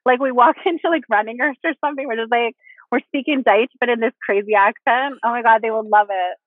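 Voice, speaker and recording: A woman hosting a casual interview chat, bubbly and quick to laugh, full of "like" fillers. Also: a little high, no echo. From Pennsylvania, USA. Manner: bubbly, laughs often, says "like" a lot. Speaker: podcast host. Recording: tinny phone line, dry.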